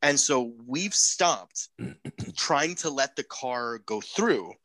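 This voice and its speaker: A young man casually telling a profane, animated story on a podcast. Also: medium pitch, extremely slow, dry recording.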